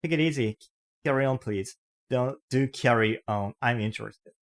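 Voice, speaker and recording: A man reading a novel aloud, voicing a dutiful landlord who calms his guests. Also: mid-range voice, moderate pace, close to an everyday voice. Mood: placating. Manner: soothing, dutiful. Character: placating male village landlord.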